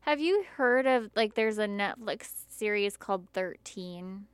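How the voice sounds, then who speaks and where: A woman co-hosting a talk show, her voice smooth and resonant. She trades casual, sarcastic banter and drops laughing asides. The sound is dry and close, with no room echo. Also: medium pitch, animated, measured pace. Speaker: radio show co-host.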